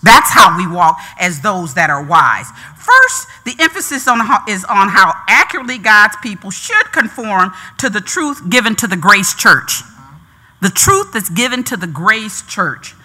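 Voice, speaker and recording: A woman preaching a sermon. Her voice is very bright and ringing, and her pitch swings widely. She repeats phrases with rising emphasis and calls to the congregation for answers. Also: big pitch swings, a little slow.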